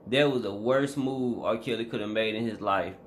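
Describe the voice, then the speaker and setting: A man's voice: lowish voice, moderate pace, a little hiss or hum. A man vlogging a casual reaction commentary, emphatic and slangy, talking straight to his viewers.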